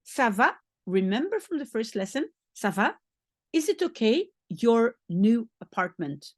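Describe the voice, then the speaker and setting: A woman's voice: fairly high pitch, very animated, unhurried, a little mellow, dry recording. A woman from Belgium, a native Dutch speaker with a Belgian accent, patiently teaching beginner French and repeating phrases as she thinks aloud. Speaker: language teacher.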